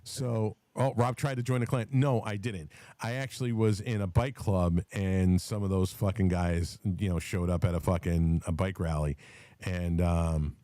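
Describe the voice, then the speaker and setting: A man's voice: sits low, fairly even intonation, unhurried, mellow, no echo. A man hosting a podcast who talks in a heated, profane way, telling stories and restarting his sentences. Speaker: podcast host. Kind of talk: casual political chat.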